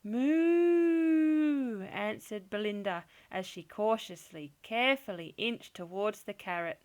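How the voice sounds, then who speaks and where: A woman reading a children's picture book aloud in a slow, gentle, expressive storytelling manner. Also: mid-range voice. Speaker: storybook reader.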